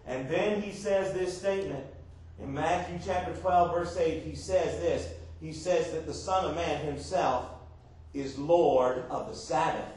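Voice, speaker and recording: Male pastor, emphatic sermon delivery, high voice, far from the mic in a booming echoey church. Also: a little slow, a little mellow. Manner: emphatic preaching with rhetorical questions to the congregation.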